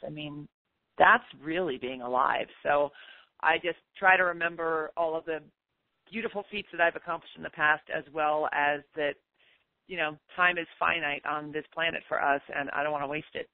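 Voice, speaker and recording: A woman's voice: sits low, steady tone, normal speed, dry recording. A woman in her fifties, a guest in a podcast interview, talking in an upbeat, emphatic, self-assured way. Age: 50s. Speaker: guest author. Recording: tinny phone line, dry.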